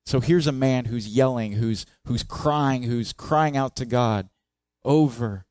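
This sermon comes from a man speaking slowly at a medium pitch, captured in a dry recording. Talking with the congregation in a conversational style, the pastor asks them questions and voices the psalmist's cries loudly and expressively.

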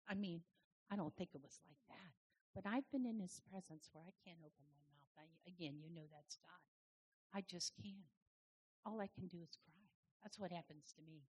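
A woman preaching in a relaxed, conversational way, stopping to chat with people in the pews. Her voice sits fairly low and has a husky edge. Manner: conversational, chatty with the audience, many restarts. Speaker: church speaker. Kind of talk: informal sermon to a congregation.

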